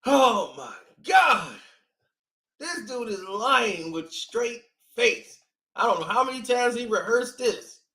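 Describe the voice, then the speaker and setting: High, slow, sarcastic man in an echoey room. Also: bright, forceful tone. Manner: sarcastic, laughs often between remarks. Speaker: commentator reacting to a video clip. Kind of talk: mocking reaction commentary.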